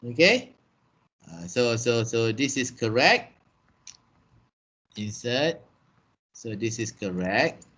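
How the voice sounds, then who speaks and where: Slow-talking Malaysian English trainer, man. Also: medium pitch, sing-song, fairly bright tone. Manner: slow, repetitive, checks understanding with "okay" and "eh". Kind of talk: online business writing class.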